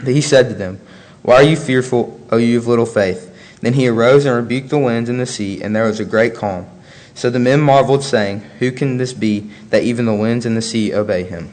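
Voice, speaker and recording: A man preaching a sermon, reading scripture aloud in a measured, earnest way between his own remarks. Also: mid-range voice, a little mellow.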